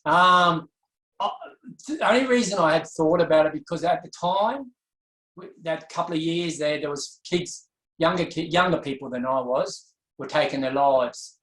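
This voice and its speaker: A man telling his personal story as an interview guest, earnest and reflective, pausing and restarting as he goes. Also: a little high, fairly bright tone. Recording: echoey room.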